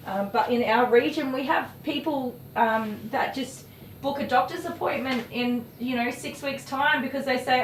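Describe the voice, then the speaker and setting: A woman's voice: high voice, moderate pace. A woman chatting casually and rambling while she works as a dog groomer on a livestream. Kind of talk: casual chat while working. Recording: roomy, distant mic, faint noise.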